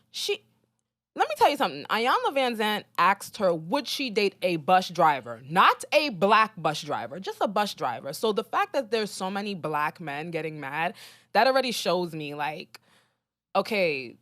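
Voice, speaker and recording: A young woman co-hosting a podcast in casual chat, animated and teasing, with lots of ums. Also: fairly low pitch, normal speed, no room sound, clean studio sound. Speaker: podcast co-host.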